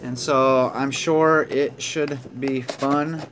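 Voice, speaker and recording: A man of medium pitch and fairly even intonation speaks slowly over some background noise as he opens sports card packs. Chatty and casual, he reads out the card names and gives small laughs now and then.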